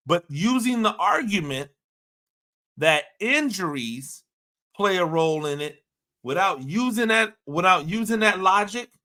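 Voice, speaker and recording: A man's voice: sits high, sharp tone. A man giving opinionated sports commentary, talking emphatically and repeating himself with rhetorical questions.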